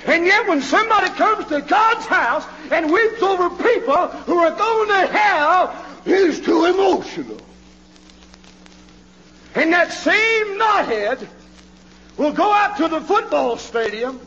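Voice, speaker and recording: A male preacher delivering a fiery revival sermon in a church, swinging from hushed pleading to hollering. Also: extremely high pitch, lively intonation, a little slow, slight background noise. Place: church sanctuary. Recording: dull, reverberant old church recording.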